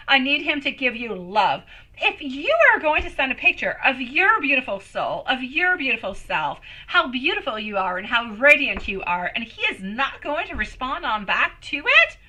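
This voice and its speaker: A woman's voice: high voice, low-quality recording. A woman giving a live-stream tarot reading, affectionate and emotive, calling viewers sweetie and my love. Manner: emotive, swings between excited and soft. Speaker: tarot reader.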